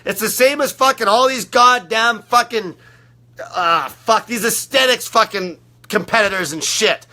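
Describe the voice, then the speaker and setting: Man, young adult, high-pitched, sharp forceful tone, swearing constantly, aggressive rant. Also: unhurried. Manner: aggressive, heavy swearing, blunt. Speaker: fasting coach. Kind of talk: profane ranting monologue.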